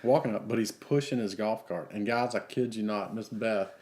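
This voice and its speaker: A man's voice: fairly low pitch, moderate pace, darkish tone. A man co-hosting a podcast, telling rambling anecdotes and acting out the quotes. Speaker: podcast co-host. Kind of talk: casual storytelling chat.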